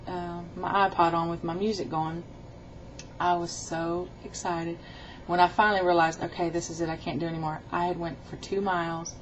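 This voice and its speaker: A woman's voice: lowish voice, a little hiss or hum. Chatty woman vlogger, lo-fi webcam sound. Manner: rambling, chatty storytelling with quoted dialogue. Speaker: weight-loss vlogger. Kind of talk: casual video diary.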